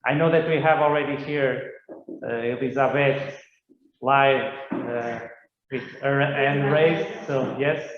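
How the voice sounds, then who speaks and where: A man moderating a webinar, halting and repeating words as he opens the Q and A. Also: mid-range voice, fairly even intonation, a little hiss or hum. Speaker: session moderator. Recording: roomy hall, dull sound.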